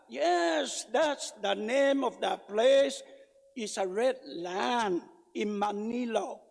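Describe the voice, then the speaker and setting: Brief: man with testifying, very high gravelly voice, slow and loud, long hall reverb. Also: lively intonation. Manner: loud, emphatic, indignant. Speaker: public testifier at a legislative hearing. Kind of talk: public testimony. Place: legislative hearing room. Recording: reverberant hearing room.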